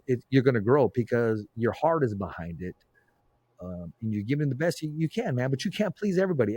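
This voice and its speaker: A man hosting a podcast, telling stories in a lively casual way, often saying "man" and "bro". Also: medium pitch, dry recording. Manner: animated storyteller, frequent "man" and "bro". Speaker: podcast host. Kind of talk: casual conversation.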